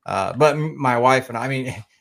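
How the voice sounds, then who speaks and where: A man's voice: medium pitch, brisk, vocal fry, fairly bright tone. A man from Oklahoma with a slight Oklahoma accent, a podcast guest chatting casually and rambling with many fillers and restarts. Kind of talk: casual interview chat.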